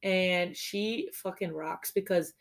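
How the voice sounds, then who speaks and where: A woman's voice: lowish voice, slow pace. A woman co-hosting a podcast, chatting casually in a rambling way with lots of fillers and laughs. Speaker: podcast co-host. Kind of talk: casual chat.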